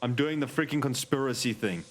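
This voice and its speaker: A man's voice: mid-range voice, brisk. A man streaming a game, joking and irreverent, swearing freely as he comments. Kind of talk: casual let's-play commentary.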